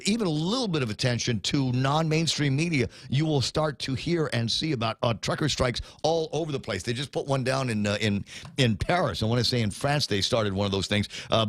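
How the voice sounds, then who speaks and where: A man's voice: medium pitch, expressive, brisk, fairly bright tone, no echo. A man hosting a morning radio show, chatting casually and joking, with lots of fillers and restarts.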